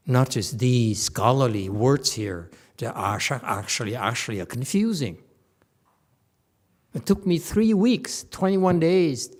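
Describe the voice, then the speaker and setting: A man giving a casual Buddhist dharma lecture as teacher, animated and joking, repeating words and mimicking voices. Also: medium pitch. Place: temple lecture hall.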